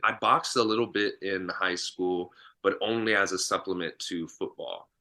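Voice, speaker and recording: A deep-voiced man with a strikingly bright, forward tone. He is a podcast guest chatting casually and animatedly, laughing often between quick asides. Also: fairly even intonation. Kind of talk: casual chat.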